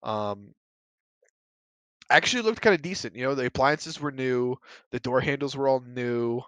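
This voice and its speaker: A man's voice: medium pitch, moderate pace, a bit bright, clear, resonant tone, no room sound. A man hosting a casual solo podcast, talking bluntly and profanely, working himself into heated rants full of "you know" and "like.". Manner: loose talk with fillers like "you know" and "like". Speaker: podcast host.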